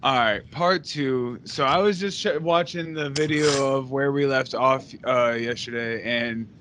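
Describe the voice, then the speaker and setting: A man's voice: medium pitch, a little slow, noisy background. A man hosting a casual podcast chat, rambling with lots of fillers and laughing often. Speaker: podcast host.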